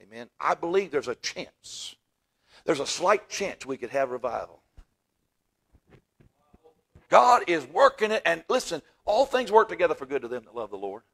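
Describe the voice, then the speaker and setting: A man preaching a fervent sermon in a church, swinging from loud exclaiming to hushed asides. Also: mid-range voice, sing-song, a little fast. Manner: fervent, swings from shouting to near-whisper. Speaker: pastor. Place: church sanctuary.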